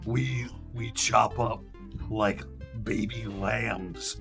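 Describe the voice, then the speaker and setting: Guy doing a brash crude metal guitarist, fake accent, bragging loud, faint music in the back. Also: lowish voice, steady tone, very slow, vocal fry, heavily acted. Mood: boastful. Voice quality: put-on foreign accent, crude.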